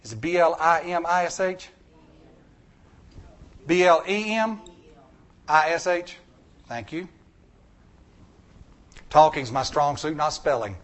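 Man, preacher, high-pitched, emphatic, repetitive, joking asides, church sermon. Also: slow pace, long pauses. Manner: emphatic, repetitive, with folksy jokes.

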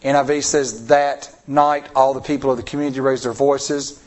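A male pastor giving an expressive sermon, asking the congregation rhetorical questions and acting out the voices of people he quotes. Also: medium pitch, moderate pace.

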